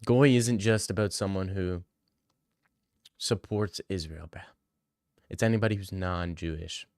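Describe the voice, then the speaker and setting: A man's voice: low-pitched, measured pace, darkish tone, clear, resonant tone, no echo, studio quality. A young man hosting a casual livestream. He reads out viewers' questions and answers in a joking, slang-heavy way. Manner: slangy, joking, reads chat questions aloud then riffs. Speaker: livestream host answering chat.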